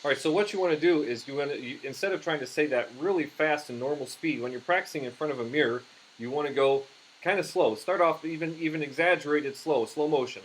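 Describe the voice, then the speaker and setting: Halting man teaching puppetry. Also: a little high, slight background noise, poor audio. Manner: halting, with frequent restarts and fillers. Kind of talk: instructional demonstration.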